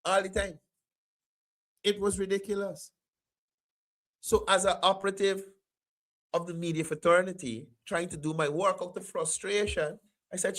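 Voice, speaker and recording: A man hosting a call-in talk show, animated and repeating his phrases. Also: high-pitched, normal speed, long pauses.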